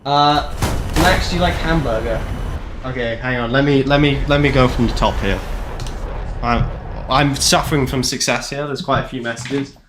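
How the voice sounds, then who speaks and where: A man's voice: mid-range voice, steady tone, moderate pace, noisy background. Rambling young man streaming games. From Canada. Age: 20s. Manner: rambling, self-deprecating, jokey, lots of "like" fillers. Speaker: game streamer. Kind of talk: casual gameplay live-stream chat.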